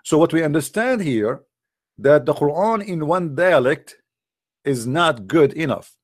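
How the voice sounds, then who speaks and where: Recorded in studio quality with no room sound, a man with a higher voice and lively intonation speaks a little slowly. He hosts a religious debate, arguing in a mocking, emphatic style that repeats itself a lot.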